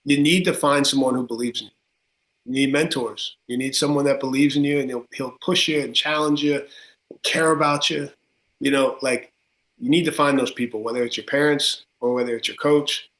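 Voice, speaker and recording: A man's voice: mid-range voice, normal speed. Tri-state guy, football coach on a podcast, fired up and emphatic, echoey room. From Connecticut. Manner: energetic, emphatic, many filler words. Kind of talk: podcast interview. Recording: roomy echo.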